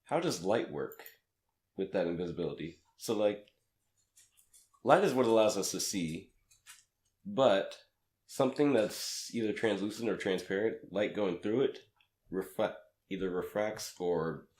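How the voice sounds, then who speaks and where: A man slightly raspy from a cold, rambling through a casual podcast chat as co-host and laughing at his own jokes. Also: lowish voice, animated, unhurried, pauses often, darkish tone. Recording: echoey room.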